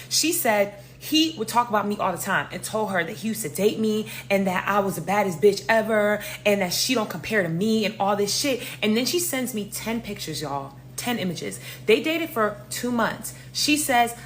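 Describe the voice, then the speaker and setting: A woman telling a casual storytime, animated, swearing and dramatic. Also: mid-range voice, moderate pace, few pauses, a little hiss or hum. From New York.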